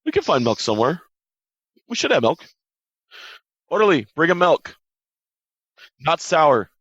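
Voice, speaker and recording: A man puts on a polite female doctor receiving her patients. She is courteous and businesslike, with a lively, rising and falling pitch. The sound is dull and dry. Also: measured pace, husky, no room sound, exaggerated voice.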